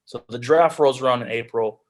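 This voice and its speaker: A man's voice: mid-range voice, brisk. Earnest young man telling his story. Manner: earnest storytelling, drops into quoted self-talk. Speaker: guest speaker, pro football player. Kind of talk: telling his life story on a video call. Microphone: video call.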